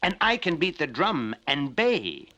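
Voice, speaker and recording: A man's voice: a little high, very animated, unhurried, heavy background noise, pitched above the performer's own voice. A man voicing a cheerful old donkey who talks in a jaunty, encouraging way.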